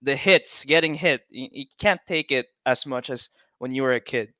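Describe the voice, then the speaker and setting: A man from the Philippines, a guest chatting casually about boxing in a relaxed, halting way with plenty of fillers and restarts, heard over a video call. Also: mid-range voice, dry recording, muffled recording. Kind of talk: casual chat.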